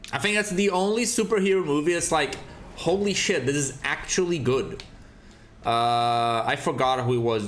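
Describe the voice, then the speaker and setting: A man's voice: mid-range voice, echoey room, slight background noise. A man streaming a game and chatting casually, ranting with lots of swearing. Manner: profane, animated ranting. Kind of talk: casual chat while gaming.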